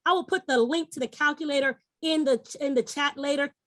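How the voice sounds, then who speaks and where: A woman's voice: sits high, a little fast, fairly bright tone, no room sound. A middle-aged woman presenting an investment webinar over a video call, upbeat and coaxing, addressing her audience directly. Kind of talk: persuasive sales pitch.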